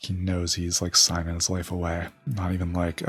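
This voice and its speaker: A man's voice: low-pitched, completely flat delivery, brisk, husky, faint music behind. A man casually commenting on a game while streaming, with blunt reactions. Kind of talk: let's play commentary.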